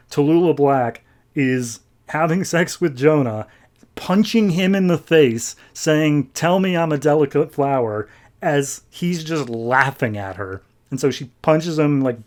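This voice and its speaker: A man hosting a podcast, casually recapping a comic issue and paraphrasing the characters in quick, chatty asides. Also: medium pitch, a little mellow. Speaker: podcast host.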